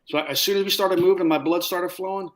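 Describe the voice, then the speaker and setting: A man guest telling a casual, animated story with laughs, acting out what others said. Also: high voice, fast. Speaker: guest, former Marine sniper.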